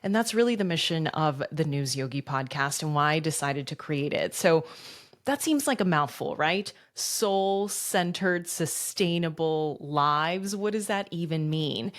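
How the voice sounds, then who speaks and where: A woman's voice: deep voice, lively intonation, normal speed. A woman in her thirties hosting a podcast, telling her own story in an earnest, reflective way with rhetorical questions. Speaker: podcast host. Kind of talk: personal storytelling monologue.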